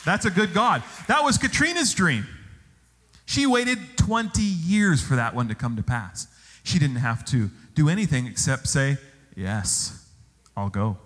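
A male pastor preaching a sermon, telling stories with animated exclamations. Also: fairly high pitch, unhurried. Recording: long hall reverb.

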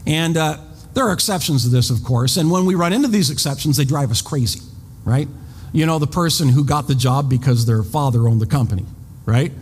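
A man's voice: on the high side, a little mellow, husky. A man preaching a sermon, telling a story with rhetorical questions and acting out his own outrage. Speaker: pastor. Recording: long hall reverb.

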